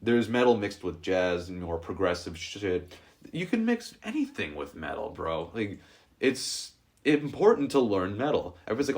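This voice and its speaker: A man's voice: lowish voice, moderate pace. A young man hosting an unedited podcast, telling long rambling stories in casual chat full of filler words. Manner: rambling, animated storytelling with a lot of filler. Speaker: podcast host.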